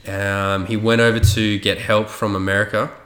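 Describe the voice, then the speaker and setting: A man's voice: on the low side, level tone, moderate pace, a bit bright, reverberant. A man telling a rambling story in casual chat, swearing freely and loose with his facts.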